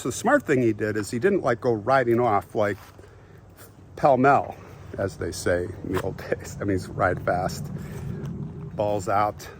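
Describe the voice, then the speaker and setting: A man casually retelling a historical crime, animated, briefly acting out the quotes as he goes. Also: fairly low pitch, a little hiss or hum. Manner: animated, acts out quotes in passing. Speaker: history storyteller.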